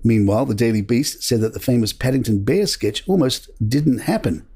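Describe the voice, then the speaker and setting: A man hosting a podcast, reading royal news headlines from a script in a measured, steady way. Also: medium pitch, husky. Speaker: podcast host.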